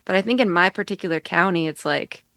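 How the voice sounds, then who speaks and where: An American woman with a lowish voice chats as a podcast guest, rambling from thought to thought and leaning on "like" at every turn. Her voice is dry and close, with no room sound around it. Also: quick pace, a bit bright, no room sound. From United States. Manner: rambling, heavy use of "like". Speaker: musician guest. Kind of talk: casual chat. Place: home in upstate New York.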